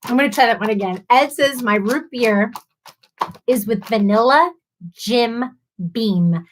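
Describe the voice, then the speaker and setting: Woman, high voice, giggly, tipsy, casual livestream host. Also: measured pace, a little hiss or hum. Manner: giggly, laughs often, reads out comments. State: tipsy from wine. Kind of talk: casual live chat with viewers.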